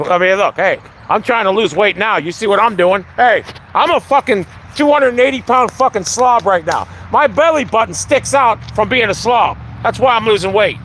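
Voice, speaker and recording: A man's voice: high-pitched, fairly bright tone, slight background noise. A man talking casually on a live stream outdoors, ranting with lots of swearing. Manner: profane, ranting.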